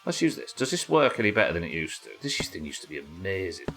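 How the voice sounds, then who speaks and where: Low-voiced man chatting on a live game stream. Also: sing-song, fast talker, a bit bright, faint music behind. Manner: casual, chatty, swears, answers viewers. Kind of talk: live gaming stream chat.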